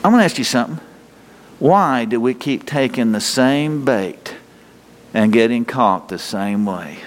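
A man's voice: medium pitch, animated, measured pace. Middle-aged male preacher, folksy, full of rhetorical questions, reverb from a large hall. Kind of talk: sermon.

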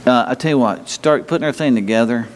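A man preaching a sermon in a folksy, conversational way, often asking the congregation questions and mimicking people in a high, mocking voice. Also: fast talker, in a large hall, slight background noise. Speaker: pastor.

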